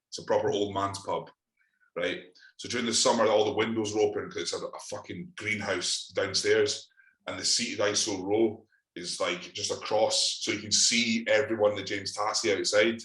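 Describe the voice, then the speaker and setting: Low-voiced Scottish man, sweary and laughing. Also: fairly even intonation, moderate pace, a bit bright, echoey room. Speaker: podcast co-host. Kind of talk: casual chat.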